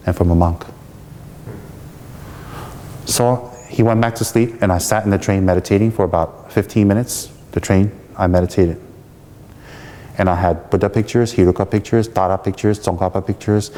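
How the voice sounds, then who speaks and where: Mellow-voiced man telling a story in a hall. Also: lowish voice, a little fast. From United States. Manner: animated, laughs often, acts out quoted speech. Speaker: Buddhist teacher. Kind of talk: storytelling dharma talk.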